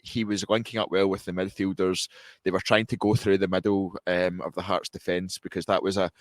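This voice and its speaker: A man co-hosting a podcast, giving a measured, analytical post-match football reaction with frequent restarts. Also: low voice, little pitch movement, dry recording. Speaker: podcast co-host.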